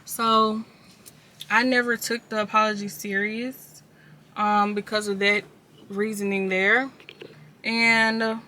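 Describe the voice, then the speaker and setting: Speaking slowly with long pauses, this woman has a mid-range, sharp-toned voice that barely moves in pitch, and a faint hiss or hum sits under the audio. She's a vlogger telling her own story in a candid, casual confessional, talking straight to her viewers.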